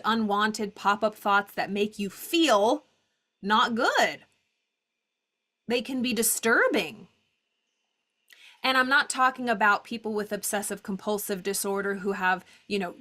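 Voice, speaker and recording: A young adult woman coaching on a live call, teaching in an animated way and acting out her inner voices with exclamations. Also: medium pitch.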